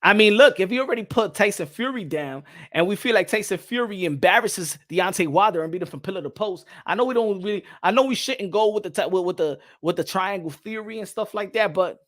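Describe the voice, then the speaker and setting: A man hosting a casual boxing talk show, animated and repetitive, getting loud and excited as he makes his points. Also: sits high, fairly quick, few pauses.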